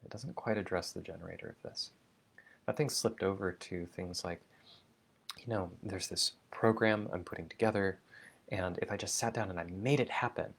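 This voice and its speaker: A man talking slowly and thoughtfully in a personal video diary, musing aloud with many fillers and restarts. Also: deep voice, gravelly, husky. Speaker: vlogger. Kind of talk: reflective spoken diary.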